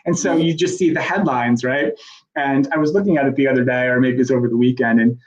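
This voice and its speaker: A man's voice: medium pitch, steady tone, fast talker, a little hiss or hum. Chatty middle-aged American man, lo-fi. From southern United States. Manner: chatty, rambling, self-deprecating. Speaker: podcast co-host. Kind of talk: casual chat.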